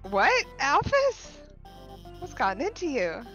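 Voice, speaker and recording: A woman voicing a fierce fish-woman warrior captain, reading game dialogue aloud in a loud, indignant way. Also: medium pitch, sing-song, a little fast, lo-fi sound, faint music behind.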